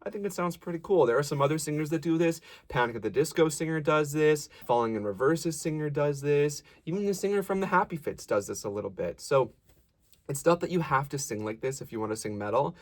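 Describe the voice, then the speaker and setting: A man's voice: a little high, expressive, brisk. A man giving a casual, encouraging singing lesson, explaining technique and breaking off to demonstrate sounds and sung lines. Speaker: voice teacher.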